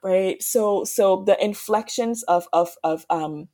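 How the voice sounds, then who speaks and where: As a podcast guest, a French professor from Ghana muses aloud in a reflective way, often checking with "right?". She talks slowly, with a warm tone and medium pitch.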